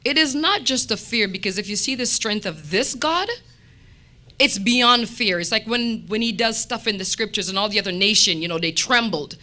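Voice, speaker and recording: A woman sharing a testimony at a church meeting, telling stories with lively quoted dialogue. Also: medium pitch, normal speed. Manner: animated storytelling with quoted dialogue.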